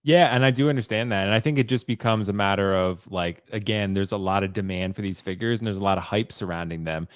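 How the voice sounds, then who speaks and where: A man's voice: fairly low pitch, fast talker, few pauses, clear, resonant tone, dry recording, clean studio sound. A man hosting a collecting podcast, talking agreeably and hedging as he thinks aloud. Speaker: podcast host, toy reviewer. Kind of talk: casual podcast chat.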